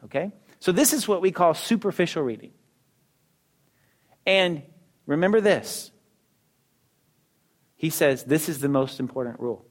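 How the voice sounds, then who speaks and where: A middle-aged man with a slightly higher than usual pitch gives a casual talk. He keeps checking in with his listeners through asides and rhetorical questions. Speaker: teacher discussing a book on reading.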